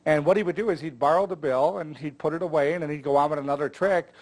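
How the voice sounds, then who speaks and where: An older man talks through magic tricks in a loose, conversational way, full of jokes and filler words. His voice sits a little high for a man. He sounds like a veteran teaching fellow performers. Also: fast talker, a little mellow. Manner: chatty, jokey, with filler words. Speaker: magic instructor. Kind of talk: casual instructional talk.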